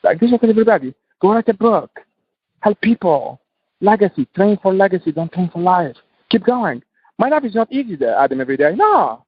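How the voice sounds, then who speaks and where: Interview guest: man from Tunisia, husky and fairly high voice, impassioned and repetitive, dry, dull sound. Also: big pitch swings, fairly quick, no room sound. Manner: impassioned, repetitive, non-native English. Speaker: guest entrepreneur. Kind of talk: passionate interview talk.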